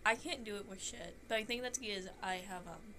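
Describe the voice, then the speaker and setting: A woman's voice: mid-range voice, fairly quick, noisy background. A young woman with a Southern accent, streaming and chatting casually, rambling and swearing, with some phlegm in her throat. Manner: rambling, swears often, self-deprecating.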